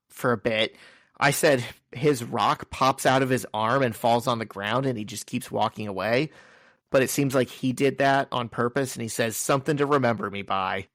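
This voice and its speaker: A medium-pitched male voice, recorded with clean studio sound and no room sound. The speaker, a podcast co-host, casually goes through a comic scene by scene and tosses in crude jokes.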